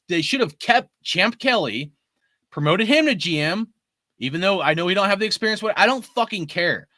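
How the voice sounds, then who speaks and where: A man's voice: sits high, bright, forceful tone, no room sound, studio quality. A man in his forties ranting about his team in a heated, profane way. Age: 40s. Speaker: sports fan commentator. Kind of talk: ranting fan commentary.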